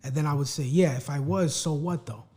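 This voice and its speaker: A man's voice: fairly high pitch, a little fast, dark tone. A man co-hosting a podcast, giving blunt, emphatic opinions with heavy profanity. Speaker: podcast co-host. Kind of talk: casual chat.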